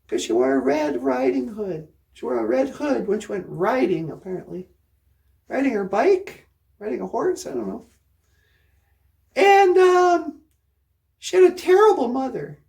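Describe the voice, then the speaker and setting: A woman's voice: high-pitched, vocal fry, darkish tone. A woman hosting a show, telling a children's story in a rambling way with sarcastic asides. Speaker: host. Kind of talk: comic storytelling.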